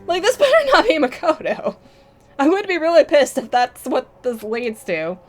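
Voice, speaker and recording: A woman's voice: high-pitched, sing-song, normal speed, faint music behind. A woman hosting a let's play, reacting emotionally to a story game and swearing freely. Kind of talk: casual gameplay commentary.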